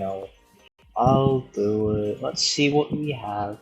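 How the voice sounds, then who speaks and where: A man chatting casually as a YouTuber, excitable, laughing often and swearing. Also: fairly low pitch, measured pace, muffled recording, faint music behind. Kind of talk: casual commentary on chatbot chats.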